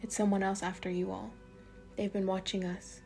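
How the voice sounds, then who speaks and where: A woman's voice: medium pitch, flat delivery, moderate pace, creaky, a little mellow, soft background music, natural voice. A woman voicing a brash teenage boy in a storybook reading, crude and joking but guarded about a secret. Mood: somber.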